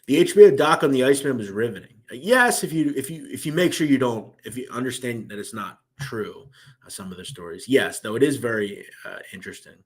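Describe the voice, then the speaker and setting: Hosting a laid-back live-stream, this young Philadelphia man reads viewer comments aloud in his local accent. His delivery is brisk and animated at a medium pitch, loose and rambling and packed with filler words.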